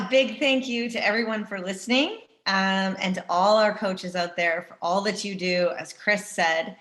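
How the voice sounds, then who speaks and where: A woman's voice: medium pitch, fairly bright tone, echoey room. A woman from Canada, an Olympic runner, chatting casually on a panel over a video call and laughing easily.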